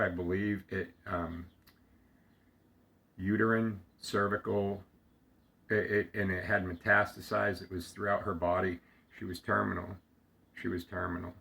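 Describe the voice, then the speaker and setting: Man, deep voice, bright edge, reflective personal monologue, hesitant and heartfelt. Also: creaky. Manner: slow, heartfelt, halting with many fillers and restarts. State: getting emotional. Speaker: storyteller sharing a personal memory.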